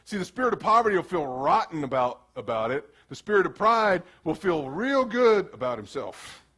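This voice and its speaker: A man preaching a sermon as pastor in a casual, animated way, slipping into quick acted asides. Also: high voice, husky.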